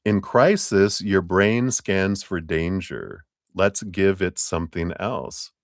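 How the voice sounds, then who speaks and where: A man giving a live-stream tarot reading, chatty and easygoing, chuckling often and clearing his throat between remarks. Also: sits low, slow pace, no echo, clean studio sound. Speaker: tarot reader.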